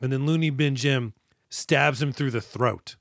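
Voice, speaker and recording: A man in a casual movie podcast, talking with a sarcastic, profane edge. He breaks into quick impressions of characters. His voice sits mid-range and is recorded dry, with no room sound. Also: mid-range voice, gravelly, no echo. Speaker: podcast co-host. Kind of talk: casual movie-review chat.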